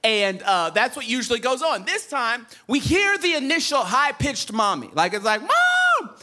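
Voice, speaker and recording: A male pastor in his thirties delivers a sermon in a strikingly high voice that swoops up and down. His tone is bright and ringing, and he tells stories in a funny, slangy, animated way. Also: moderate pace, soft background music. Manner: animated, humorous storytelling in casual slang.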